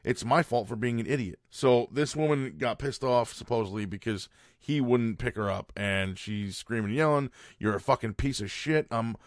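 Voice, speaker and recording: A man's voice: medium pitch, moderate pace, no echo, studio quality. Blunt, foul-mouthed male podcast host. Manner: profane, blunt, exasperated storytelling. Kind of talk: casual podcast rant.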